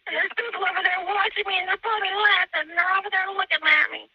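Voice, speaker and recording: A woman's voice: extremely high pitch, steady tone, fast talker. Panicked woman pleading on a phone line. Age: 40s. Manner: pleading, repeating herself. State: panicked, close to tears. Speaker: emergency caller. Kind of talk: emergency phone call. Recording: dull phone line, dry.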